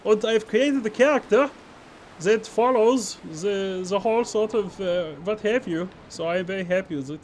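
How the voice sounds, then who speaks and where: A man's voice: high voice, moderate pace, darkish tone, voice pushed up, natural voice. A man putting on a smug Austrian character, boasting about his own work in a put-on accent. The voice sits well above an ordinary man's. There is a faint hum of noise behind it. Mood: proud. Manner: self-satisfied, boastful. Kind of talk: live-stream character bit.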